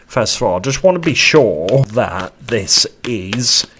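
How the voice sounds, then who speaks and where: Guy doing a tarot reading, lowish voice but really animated, chatty, swears a bit. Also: a little slow, a little hiss or hum. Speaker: tarot reader. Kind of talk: casual tarot reading to camera.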